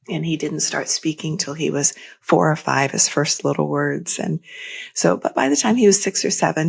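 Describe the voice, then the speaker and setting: A middle-aged woman, a podcast guest, telling a personal story in a gentle, unhurried, tender way. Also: low-pitched, gravelly, breathy edge. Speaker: guest author and speaker. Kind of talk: heartfelt storytelling in interview.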